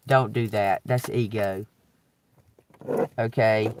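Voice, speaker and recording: A man's voice: fairly low pitch, steady tone, slow pace. A man giving a tarot reading on a live stream, rambling and cursing freely, with frequent chuckles. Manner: rambling, profane, chuckles often. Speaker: tarot reader.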